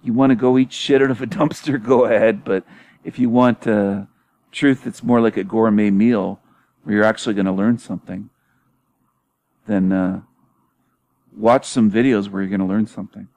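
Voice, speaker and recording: Low-voiced man mocking with laughter. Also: steady tone, normal speed, long pauses, darkish tone. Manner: mocking, laughs often, swears, emphatic. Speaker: YouTube channel host. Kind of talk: casual monologue.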